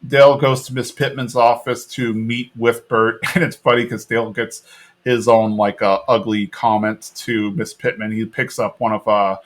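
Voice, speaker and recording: A man's voice: medium pitch, flat delivery, normal speed. A man co-hosting a podcast, casually retelling a cartoon episode with plenty of fillers and little laughs. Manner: rambling, lots of fillers and laughs. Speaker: podcast co-host. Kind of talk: casual recap chat.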